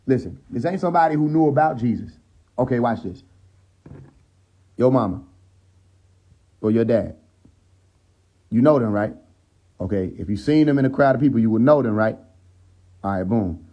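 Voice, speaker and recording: With long pauses at a normal pace, a man speaks in a mid-range voice through a lo-fi phone mic on a social live stream. He tells a scripture story in casual, profane street talk, acting out quotes, laughing at his jokes, and checking on his viewers.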